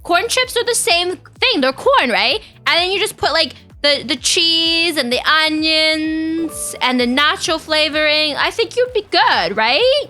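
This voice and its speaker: A woman's voice: sits high, lively intonation, a little slow, bright, forceful tone, faint music behind. A young woman, chatting casually with her viewers on a live stream, bubbly and chatty as she greets people and reads chat. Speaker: VTuber streamer.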